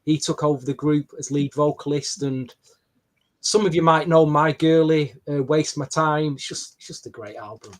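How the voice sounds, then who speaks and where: A man, hosting a podcast and telling a story in an animated, chatty way. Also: fairly high pitch, normal speed. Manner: animated storytelling with quoted dialogue. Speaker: podcast host. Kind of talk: casual podcast chat.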